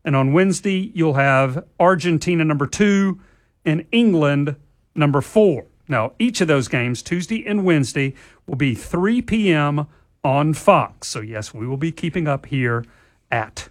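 A man's voice: a little high, animated, measured pace, no room sound, clean studio sound. A man hosting a casual sports talk show, reading the headlines and chuckling at his own slips. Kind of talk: casual sports radio chat.

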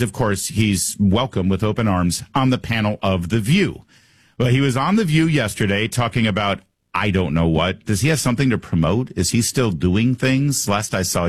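A male talk radio host holds forth in a sarcastic, opinionated monologue, throwing out rhetorical questions. His voice sits fairly low, and the studio sound is close and dry, with no room echo.

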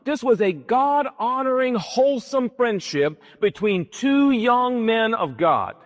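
A man's voice: extremely high pitch, expressive, slow pace. A male pastor preaching a sermon, telling a Bible story emphatically and dramatically. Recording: long hall reverb.

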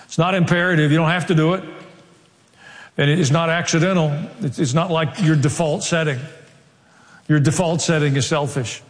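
A man's voice: a little high, fairly even intonation, normal speed, big-room sound. A man with a Southern US accent, preaching a sermon as a pastor in an earnest, emphatic manner.

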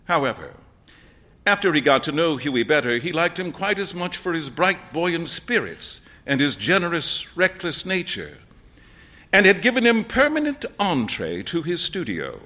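A man reading a story aloud as narrator, expressive and acting out the dialogue. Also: fairly high pitch, moderate pace.

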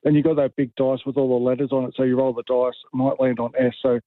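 A man's voice: mid-range voice, little pitch movement, quick pace, dry recording. A man with an Australian accent calling in to a radio show, explaining plainly. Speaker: radio caller. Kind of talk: phone-in call. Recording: tinny phone line.

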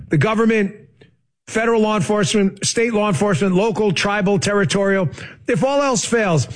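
A man hosting a political talk show, combative and sarcastic, often rising into heated outbursts. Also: sits high. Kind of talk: opinionated political commentary.

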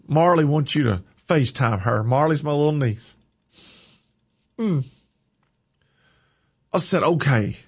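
Husky man preaching with fervor. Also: a little high. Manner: impassioned, rising into sudden preaching bursts. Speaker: host of a worship music show. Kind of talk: fervent preacher-like talk. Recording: dull lo-fi recording.

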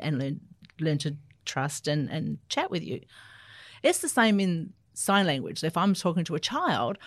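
An Australian woman, an Auslan interpreter, answering interview questions in an animated, explanatory way. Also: low voice, dry recording, clean studio sound. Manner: animated, explanatory, laughs easily.

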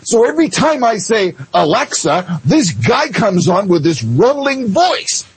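A man's voice: high voice, sing-song, a little slow, husky. A man from Canada, a fellow radio host, chatting playfully and stammering over his words. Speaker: radio show host, guest. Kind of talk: casual radio banter.

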